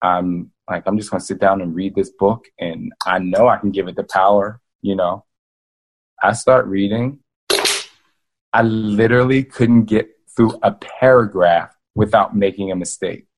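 A man, an author and guest, telling a casual, animated story and speaking straight to his listeners. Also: sits low, unhurried, rough recording. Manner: animated, addresses listeners as "y'all".

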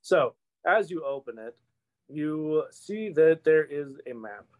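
A man's voice: a little high, animated, slow pace, muffled recording. A man narrating as game master in a tabletop game, casual and laughing easily. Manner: casual, laughing, stumbling over words.

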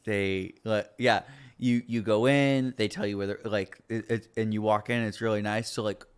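A man's voice: lowish voice, steady tone, normal speed, smooth. A man hosting a podcast in casual chat, rambling with many fillers and laughing often. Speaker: podcast host.

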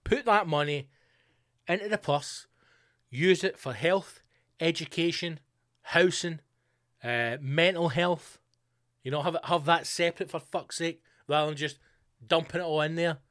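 A man's voice: fairly high pitch, unhurried, long pauses, fairly bright tone, no echo, studio quality. A man hosting a solo podcast, ranting with lots of swearing and sarcastic asides. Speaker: podcast host.

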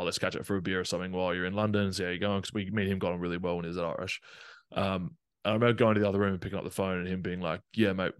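A young man, a rugby player, telling his story casually and fast, with many fillers. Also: low-pitched, dry recording, clean studio sound.

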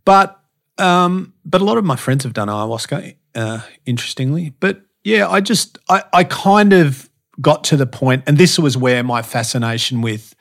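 With a gravelly voice on the high side, a middle-aged man tells animated stories from his life at a moderate pace. A fitness and behaviour speaker guesting on a podcast, he's frank and profane in this casual interview, restarting often and using many fillers.

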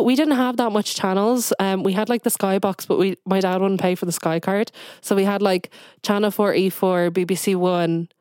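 A woman's voice: on the low side, a little mellow, clear, resonant tone, no room sound, clean studio sound. A woman, a guest chatting casually on a podcast and rambling with lots of fillers. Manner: rambling, heavy on "like" and "um".

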